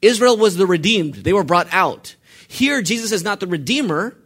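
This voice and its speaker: A male pastor preaching a sermon, asking the congregation questions and swinging between hushed and forceful delivery. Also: high voice, lively intonation, normal speed, breathy edge. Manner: asks the congregation questions and lets them fill in answers.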